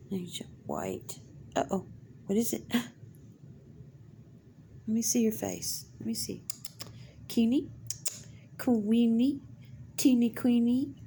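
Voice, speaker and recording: A woman's voice: on the low side, creaky, warm tone, slight background noise. A woman talking baby talk to her pet cat at home, cooing in a sing-song way. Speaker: cat owner.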